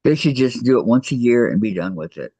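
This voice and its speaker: A man hosting a crafting video call, chatting casually and laughing often, with his voice going hoarse. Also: medium pitch, expressive, brisk, no room sound. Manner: chatty, laughs often, greets viewers warmly. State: losing his voice. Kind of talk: casual chat while crafting. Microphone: computer microphone on a video call. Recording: dull lo-fi video call audio.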